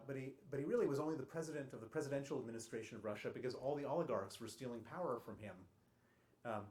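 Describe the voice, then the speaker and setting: Man telling a story at a lecture. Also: mid-range voice. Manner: emphatic, punchy storytelling with dry humour and frequent restarts. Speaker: guest speaker at a public talk. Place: college lecture hall.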